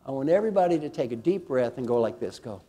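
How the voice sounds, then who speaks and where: A man speaking from a conference stage with a mellow, relaxed tone. He drives his points home with repeated questions to the crowd, then eases into a slow, quiet guided reflection. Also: mid-range voice, breathy edge. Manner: energetic and emphatic, asks the audience questions; slows and drops softly for a guided reflection. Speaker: speaker giving a talk on coaching. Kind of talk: motivational keynote talk. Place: conference hall before a live audience.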